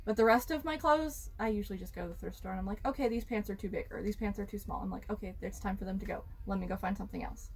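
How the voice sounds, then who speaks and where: A woman's voice: mid-range voice, rapid-fire, hardly any pauses. A young adult woman talking casually while giving a tour of her converted bus home, chatty and quoting herself. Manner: chatty, filler-heavy, quotes herself. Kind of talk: casual chat.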